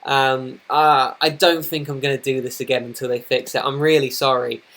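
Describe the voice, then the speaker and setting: A man's voice: medium pitch, level tone, moderate pace, fairly bright tone. A young man live streaming at his computer, flustered and apologetic, rambling with many restarts. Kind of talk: casual live-stream chat. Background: noisy laptop fan.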